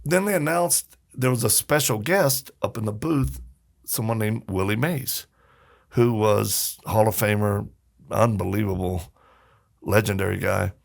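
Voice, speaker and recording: A man who is a podcast guest, telling personal stories in a casual, animated way and acting out the voices of the people he quotes. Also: fairly low pitch, a little slow, creaky. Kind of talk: casual storytelling.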